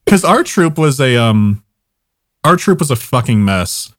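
A man's voice: mid-range voice, very animated, a little slow, dry recording, studio quality. A young man casually telling a long, rambling story on a podcast, swearing often and laughing at his own jokes.

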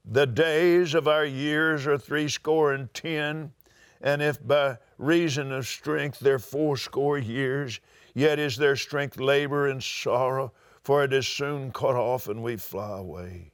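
A man's voice: medium pitch, steady tone, slow, no room sound, studio quality. An older man with a Southern US accent, preaching a sermon and reading scripture aloud with dramatic swings in his voice.

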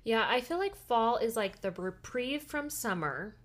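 A woman's voice: on the high side, expressive, measured pace. A woman with a Midwestern American accent, co-hosting a casual podcast in an easygoing, agreeable way. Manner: easygoing, brief agreeing replies. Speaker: podcast co-host.

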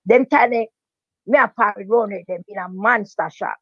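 An older Jamaican woman, a veteran dancehall DJ, telling her story in a lively patois interview with emphatic repetition. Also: mid-range voice, moderate pace, husky, dry recording. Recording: dry, dull lo-fi sound.

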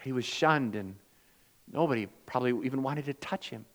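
A male pastor delivering a sermon, swinging from loud, emphatic lines to hushed, quiet ones, and acting out the voices in his stories. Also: medium pitch, brisk, long reverb tail. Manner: acts out quoted voices in storytelling.

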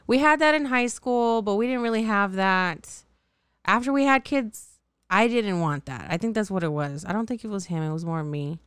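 Brief: woman in her thirties, solo podcast host, very smooth clear voice, dry close mic, blunt and cussing, sore throat. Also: medium pitch, animated, normal speed, a bit bright, no echo. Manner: blunt, profane, laughs often, self-mocking. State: slightly sore, scratchy throat. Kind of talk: candid solo podcast monologue.

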